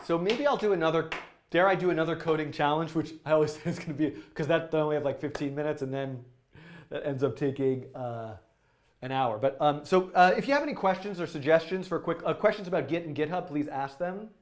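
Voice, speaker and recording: A man hosting a live-stream coding tutorial, talking in an excitable, rambling way full of fillers and restarts. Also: a little high, brisk. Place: indoor studio.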